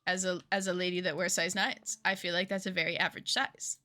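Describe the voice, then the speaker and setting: A woman's voice: on the low side, flat delivery, brisk, pushed and bright. A woman giving casual, jokey commentary while streaming a game, chatty with rambling asides. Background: game music.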